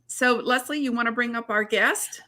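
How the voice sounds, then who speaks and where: Bright-voiced Alabama woman co-host. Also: a little high, moderate pace. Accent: Southern US, Mobile Alabama. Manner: friendly, easygoing, laughs often. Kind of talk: casual interview chat. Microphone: video call.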